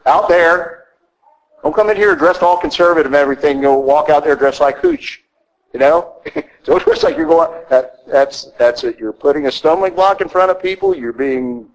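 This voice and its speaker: A man's voice: a little high, low-quality recording. A middle-aged male priest giving a blunt, conversational sermon in a church, often asking "okay?". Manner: blunt, conversational preaching with frequent "okay?" asides.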